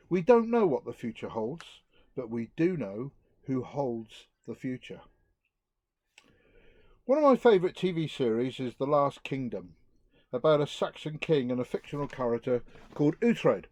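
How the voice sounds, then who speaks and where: A middle-aged man giving an earnest outdoor talk to a youth group, reflective and lively. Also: medium pitch, a little slow, long pauses, dry recording. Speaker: youth speaker.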